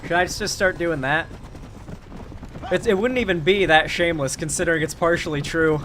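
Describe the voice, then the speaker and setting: A man's voice: a little high, moderate pace, fairly bright tone. Man, Florida accent, streamer chat, swears casually, light background noise. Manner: loose, chatty, swears casually. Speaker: streamer and political commentator. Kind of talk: casual commentary while gaming.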